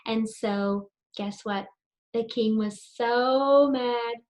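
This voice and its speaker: Woman, middle-aged, slow, higher voice, sing-song and encouraging, preschool teacher. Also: a little mellow. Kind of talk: storytelling and circle-time lesson for young children.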